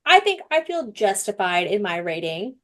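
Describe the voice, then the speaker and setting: A woman's voice: medium pitch, big pitch swings, normal speed. A young woman co-hosting a casual book podcast, blunt and swearing freely. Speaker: podcast co-host.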